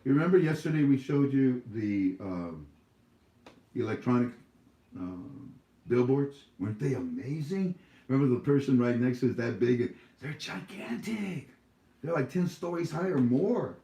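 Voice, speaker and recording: A man's voice: medium pitch, lively intonation, normal speed, warm tone. Preachy man in an echoey room. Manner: scolding, preachy, rambling with many fillers. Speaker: YouTube channel host. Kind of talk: casual monologue to viewers. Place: his home.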